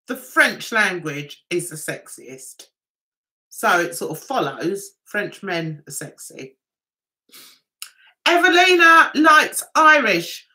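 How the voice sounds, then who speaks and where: Livestream host, middle-aged woman, Mancunian accent, bright and bubbly tone, reads chat comments between giggles. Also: a little high. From Manchester, England. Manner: chatty, giggly, reads viewer comments aloud.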